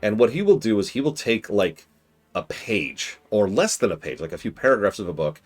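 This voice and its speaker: A man streaming a strategy game, chatting casually and animatedly, with mock-exasperated outbursts and quiet mutters to himself while he plays. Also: lowish voice, big pitch swings, brisk, faint music behind.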